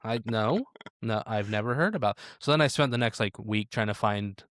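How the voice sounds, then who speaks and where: A man's voice: on the low side, moderate pace, no room sound. Thirtysomething man telling a story, dry. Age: 30s. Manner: relaxed, conversational storyteller. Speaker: podcast co-host. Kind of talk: casual chat.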